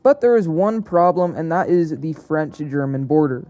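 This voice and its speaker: Young male narrator, soft dark tone, chatty and unpolished, stumbling and fixing his words as he goes. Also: a little high, animated, normal speed. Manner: hesitant, self-correcting, chatty. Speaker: narrator of an alternate-history map video. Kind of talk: casual unscripted narration.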